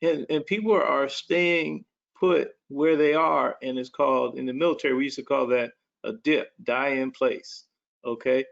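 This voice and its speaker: A man hosting a business webinar over a video call, talking in an energetic, folksy way with plenty of slang. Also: medium pitch, moderate pace, gravelly. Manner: folksy and animated, calls listeners "man" and "baby". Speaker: webinar host. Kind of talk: energetic motivational talk. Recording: dull lo-fi call audio.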